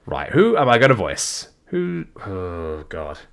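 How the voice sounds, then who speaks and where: A man's voice: low-pitched, wildly swooping pitch, slow, creaky. A man narrating a live reading, chatting casually with his viewers, thinking aloud and mocking himself. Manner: muttering, thinking aloud, self-deprecating. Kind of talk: casual live-stream chat.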